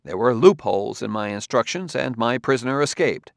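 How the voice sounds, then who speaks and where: A man voicing a dogged male Earth detective who presses and cross-examines in a raised, forceful voice, recorded dry. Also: medium pitch, lively intonation, a little fast, vocal fry, dry recording. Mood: persuasive.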